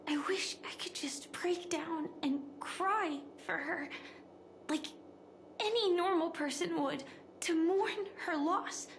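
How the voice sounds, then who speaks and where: An actress playing a gentle, composed young woman with a soft, earnest voice, recorded as game voice acting. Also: very high voice, takes it slowly, a little hiss or hum, heavily acted.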